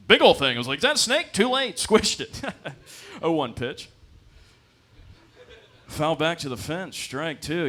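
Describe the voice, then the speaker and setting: A man's voice: a little high, a bit bright, pitched above the performer's own voice. A man playing a male baseball commentator who calls the game in a raised voice and keeps drifting into personal stories. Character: male baseball commentator, bored, rambling off-topic.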